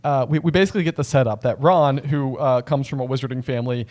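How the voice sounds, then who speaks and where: A man's voice: medium pitch, fast, a little mellow. A man co-hosting a podcast, chatting casually about a book, agreeing often and restarting his sentences. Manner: agreeable, repeats "yeah" and "right", stammers on restarts. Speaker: podcast co-host.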